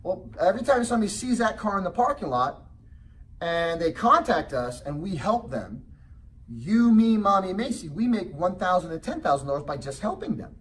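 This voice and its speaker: A man's voice: sing-song, normal speed. A middle-aged man giving a motivational real estate seminar talk, telling a family story and asking the audience questions. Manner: acts out child's voice in high pitch. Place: presentation room. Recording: distant mic with faint background noise.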